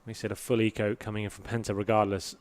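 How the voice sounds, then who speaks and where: A man doing live play-by-play commentary on an esports match, building to excited shouts when the fighting starts. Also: on the low side, fast talker.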